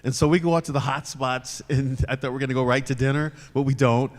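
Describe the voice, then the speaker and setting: A man's voice: medium pitch, steady tone, fast talker. An older man and former football player, guest at a live show, telling a long anecdote to an audience with frequent chuckles. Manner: storytelling, chuckles as he talks. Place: club room at a live show event. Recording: reverberant venue sound.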